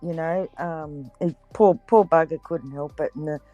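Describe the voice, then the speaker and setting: A woman's voice: low-pitched, moderate pace, warm tone, no echo, lo-fi sound, faint music behind. A middle-aged woman, telling a laughing anecdote in casual chat and swearing freely.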